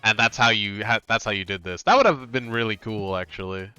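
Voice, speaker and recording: A man streaming a video game, chatting casually, laughing often and reacting quickly, close on a desk mic. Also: lowish voice, sharp tone, clean tone, dry recording, faint music behind. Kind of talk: casual gaming commentary.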